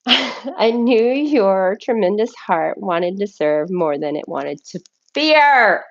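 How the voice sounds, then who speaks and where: A woman reading tarot cards and channeled messages on a solo live stream, excitable and effusive, often thanking spirit. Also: mid-range voice, takes it slowly, lo-fi sound. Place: home, by herself.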